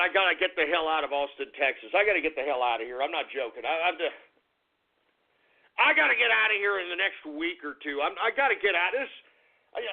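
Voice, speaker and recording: A fired-up male talk radio host who rambles and curses as he vents. His voice sits high and has a gravelly rasp. The lo-fi recording sounds thin and phone-like. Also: expressive, a little fast. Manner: agitated, profane, rambling. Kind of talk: ranting call-in style talk radio. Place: Austin, Texas.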